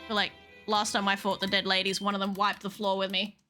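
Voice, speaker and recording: A young woman streaming a game, chatting excitedly and swearing freely as she talks to her viewers and the game. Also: medium pitch, fairly quick, faint music behind. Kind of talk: casual live-stream chat while gaming.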